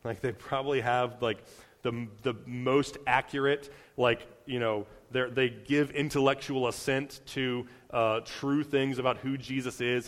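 A young man preaching a casual sermon, talking loosely with fillers and restarts and acting out quotes. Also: medium pitch. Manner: conversational, many fillers and restarts, acts out quotes. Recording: long reverb of a large hall.

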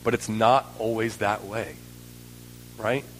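A man's voice: on the low side, fairly even intonation, takes it slowly, big-room sound, slight background noise, low-quality recording. A man preaching a sermon in an earnest way, building in intensity and often checking in with "right?".

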